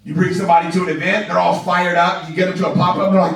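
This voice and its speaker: A man giving an energetic, excitable motivational training talk to a live audience in a large room, laughing often and asking "right?" a lot. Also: high voice, very fast, vocal fry. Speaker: sales trainer. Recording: echoey room, voice from far off.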